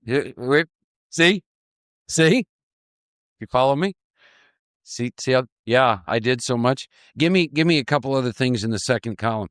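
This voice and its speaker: Man running a recovery workshop, lively and repetitive, mid-pitched voice, dry sound. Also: normal speed, long pauses, no room sound. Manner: animated, repetitive, laughing often. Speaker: speaker leading a recovery workshop. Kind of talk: live workshop talk.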